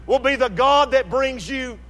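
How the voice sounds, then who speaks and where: Slow, high-voiced preacher in a reverberant hall. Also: male voice. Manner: slow, emphatic preaching that rises to shouts and drops low. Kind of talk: sermon.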